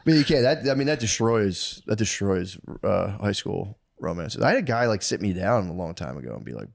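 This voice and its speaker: A man co-hosting a podcast, telling loose, laughing stories in casual chat with quick put-on quotes. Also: deep voice, expressive, gravelly. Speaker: podcast co-host.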